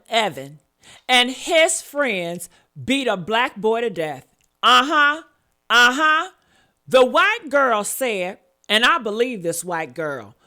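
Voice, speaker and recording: A woman's voice: fairly high pitch, sharp tone. A woman hosting a casual commentary show, telling a story in an emphatic, sassy way and calling listeners honey and baby. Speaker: commentary channel host.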